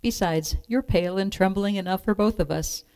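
A woman voicing a bold, feisty young noblewoman who speaks briskly and with spirit, in a storybook reading. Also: medium pitch, a little mellow, natural voice.

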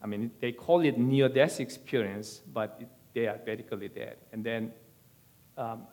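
A man giving a sermon-style teaching in a measured, deliberate way. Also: mid-range voice, fairly even intonation, darkish tone.

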